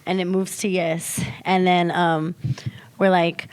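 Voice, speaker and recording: Woman telling a story in lively chat. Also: fairly low pitch, takes it slowly, clean tone. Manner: animated storyteller, swears freely, acts out friends' lines. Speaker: podcast co-host.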